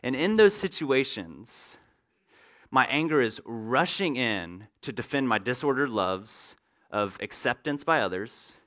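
Male pastor, mid pitch, bright tone, earnest sermon delivery. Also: lively intonation, unhurried. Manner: earnest preaching, acts out everyday scenes.

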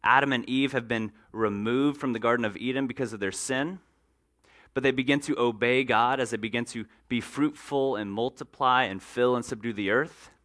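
Bright-voiced male pastor preaching. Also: medium pitch, normal speed. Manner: earnest preaching, acts out everyday scenes. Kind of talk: sermon.

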